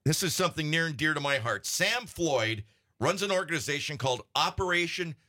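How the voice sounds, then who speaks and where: A man's voice: fairly high pitch, animated, brisk, pushed and bright. A man hosting a local radio talk show, upbeat and earnest as he chats with a guest in the studio. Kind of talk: casual radio chat.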